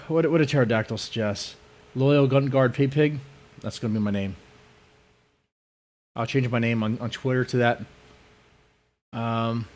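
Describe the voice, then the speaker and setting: A man hosting a live stream, chatting casually and wryly while reacting to a clip. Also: mid-range voice.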